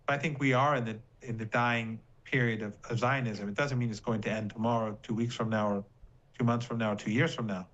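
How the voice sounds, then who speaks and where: A man giving a deliberate, somewhat hesitant interview answer with fillers. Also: medium pitch, steady tone, fairly bright tone. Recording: dull lo-fi clip.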